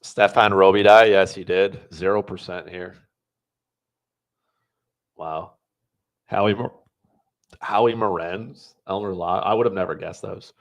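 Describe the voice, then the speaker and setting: A fairly low-pitched man hosts a live stream. He thinks aloud as he plays a trivia game and chats to his viewers in a relaxed, offhand way. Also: a little slow, pauses often. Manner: talks to chat. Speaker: podcast host.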